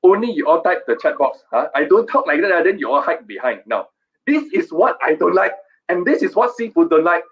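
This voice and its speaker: A man hosts a live stream, his fairly high voice swinging up and down with lively energy. He coaxes and playfully scolds his viewers, repeating himself as he drives a sales pitch. The sound is dull and lo-fi. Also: a little fast. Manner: animated, repetitive, playfully scolding.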